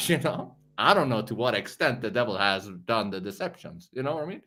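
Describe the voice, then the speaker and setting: A man's voice: mid-range voice, expressive, fairly quick, few pauses, sharp tone. A man with a foreign accent hosting a live reaction stream, rambling and swearing, often restarting his words. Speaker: show host.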